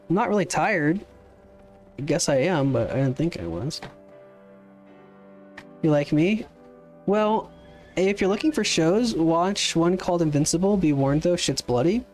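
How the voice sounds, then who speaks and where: Rambling casual male game streamer. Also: high-pitched. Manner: rambling, loose, casual swearing; answers viewer chat questions as they come. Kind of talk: casual chat while playing a game.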